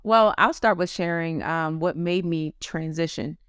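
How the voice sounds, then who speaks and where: A woman in her thirties with a smooth, slightly low voice tells stories in a casual interview. She is lively and acts out the quotes in her stories. The sound is dry and close. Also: measured pace, dry recording. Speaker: business owner guest.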